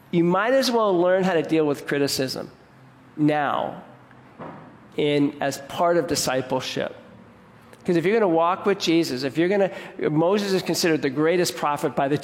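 Man preaching a sermon in a reverberant hall. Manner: conversational preaching, with high mocking voices for quoted grumblers. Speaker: pastor.

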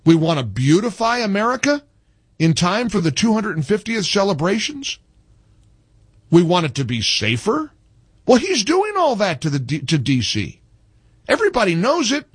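Husky, sarcastic male commentary host. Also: high voice, normal speed, dry recording. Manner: sarcastic and indignant, with animated rising emphasis. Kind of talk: opinionated monologue commentary.

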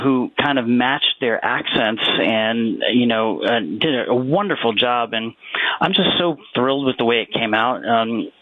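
A man's voice: mid-range voice, dry recording. Hesitant man on a phone line. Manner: hesitant, many fillers and restarts. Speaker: guest author. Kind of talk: casual radio interview.

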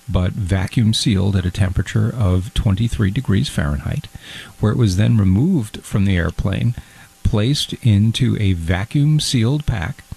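A man's voice: low voice, gravelly, a little mellow, breathy edge, full character voice, poor audio. A man playing Fondue Guy, a stammering fussy man. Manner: hesitant, stammering, prissy and easily hurt. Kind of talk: comedy sketch.

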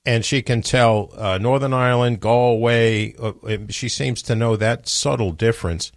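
A middle-aged man with a New York accent, hosting a talk radio show in casual banter with quick joking asides. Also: medium pitch, no room sound, studio quality. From New York City.

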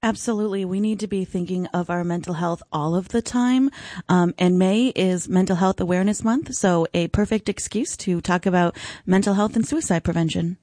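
A woman speaking as a nonprofit representative in an interview, clear and earnest with polished talking points. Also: lowish voice, moderate pace, dark tone, no room sound, studio quality. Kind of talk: interview guest, informative.

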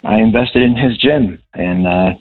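A man's voice: lowish voice, measured pace. A man calling in to a radio show, telling his story in a rambling, hesitant way. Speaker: caller. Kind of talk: phone-in call. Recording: husky voice on a tinny phone line.

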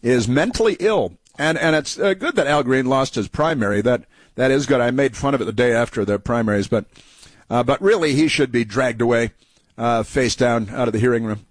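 A male talk host delivers sharp, mocking political commentary full of fillers. His voice sits at an ordinary middle pitch. It is recorded close and dry, with no room sound. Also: fairly quick, no echo. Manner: combative, mocking, many fillers. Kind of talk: political commentary over played clips.

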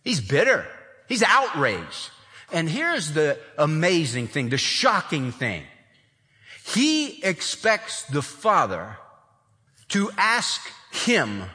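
A man's voice: a little high, huge pitch swings, takes it slowly, sharp tone, big-room sound. A man preaching a sermon who acts out the voices of the people in his story. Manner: acts out the older son's complaints in voices. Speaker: pastor.

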